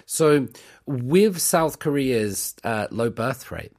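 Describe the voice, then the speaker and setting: A male host talking in a relaxed discussion format. He speaks in an articulate, reflective way. He often laughs lightly as he talks. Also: mid-range voice, takes it slowly. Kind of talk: casual discussion.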